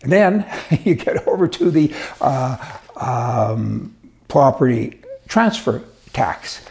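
A man's voice: medium pitch, big pitch swings, slow pace, gravelly, a little mellow. A man delivering a casual, sarcastic, exasperated monologue with chuckling asides. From Canada. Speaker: commentator.

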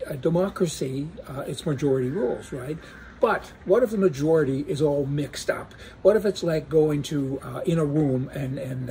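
Folksy, gravelly-voiced man mocking the news. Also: a little high, mellow, slight background noise. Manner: folksy and sarcastic, joking asides. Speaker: political commentator. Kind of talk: casual opinion monologue.

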